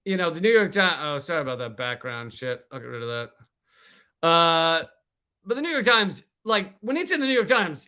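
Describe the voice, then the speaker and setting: A man's voice: on the high side, bright, forceful tone. A man hosting a livestream, ranting in a casual, profane, rambling way with many restarts. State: sweating from heat. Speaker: comedian livestream host.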